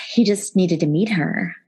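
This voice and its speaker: A woman's voice: fairly low pitch, slow pace, slightly rough, poor audio. A woman co-hosting a casual chat, blunt and swearing freely. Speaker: podcast co-host.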